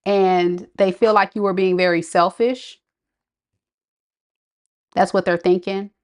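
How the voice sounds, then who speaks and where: A woman's voice: medium pitch, steady tone, takes it slowly, a little mellow. A woman giving a live tarot reading, talking casually and reacting to viewer comments. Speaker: tarot reader.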